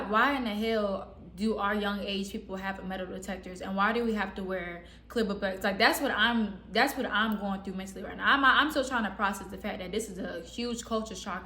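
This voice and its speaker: Slangy woman storyteller, bright roomy voice. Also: mid-range voice, a little hiss or hum. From Southern US. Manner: slangy, rambling, animated quotes. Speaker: storytime vlogger. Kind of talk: casual storytelling. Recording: roomy echo.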